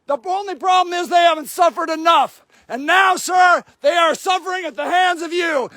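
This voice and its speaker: A man livestreaming from an outdoor camp in the snow, shouting angry and sarcastic reproaches at people in front of him while filming on his phone. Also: very high voice, moderate pace, few pauses, no room sound. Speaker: activist filming a camp sweep. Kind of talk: livestreamed street confrontation.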